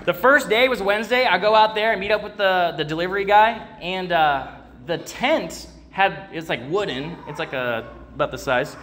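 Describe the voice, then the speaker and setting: A young man gives a church sermon and tells a personal story in a loose, rambling way, full of fillers and restarts. His voice sits a bit high for a man and has a bright, forceful edge. He calls out to the congregation now and then. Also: normal speed. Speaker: preacher.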